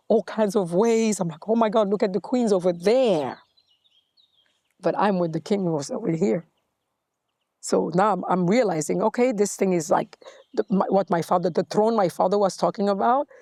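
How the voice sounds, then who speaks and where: A woman's voice: mid-range voice, normal speed, mellow, dry recording. A middle-aged woman, a guest in an interview, telling her story with animation and acting out the voices in it. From Congo.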